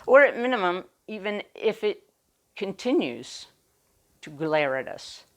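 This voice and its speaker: Slow, deliberate woman preaching a sermon. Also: medium pitch, very animated. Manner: slow, deliberate, with emphatic pauses. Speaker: minister.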